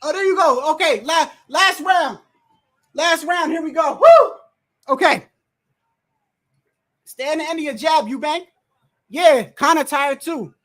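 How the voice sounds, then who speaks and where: With a high-pitched voice at normal speed, a livestream host excitedly commentates on a fight live, exclaiming a lot, cursing freely and addressing the referee and fighters head-on. Viewers' messages are read aloud too.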